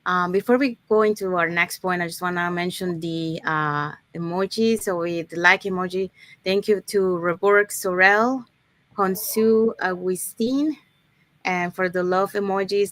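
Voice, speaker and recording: A woman presents a live online workshop unscripted, with fillers and restarts, explaining points step by step and often checking in with the audience by asking "okay?". Her voice is on the low side and fairly bright, at a measured pace.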